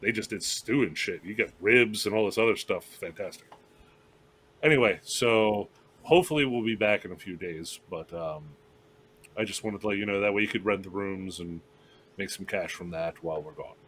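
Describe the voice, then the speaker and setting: A man speaks in character during a tabletop game, casual and chatty. His voice sits fairly low, and a mildly sarcastic edge runs through his talk. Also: normal speed, a bit bright, a little hiss or hum. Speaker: player. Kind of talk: in-character tabletop role-play.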